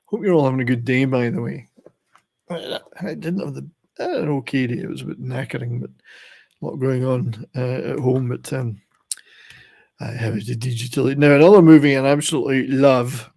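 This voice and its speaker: An older man talks through a relaxed live stream in a meandering, chatty way, often chuckling at his own jokes. His voice sits at an ordinary middle pitch with a gravelly, creaky edge. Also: moderate pace. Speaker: channel host. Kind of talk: casual live-stream chat.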